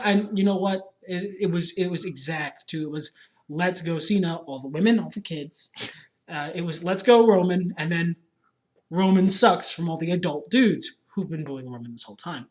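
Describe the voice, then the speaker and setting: A man's voice: a little high, a little fast. Opinionated man ranting on a podcast. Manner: opinionated, ranting, swears freely. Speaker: podcast co-host. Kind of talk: casual chat.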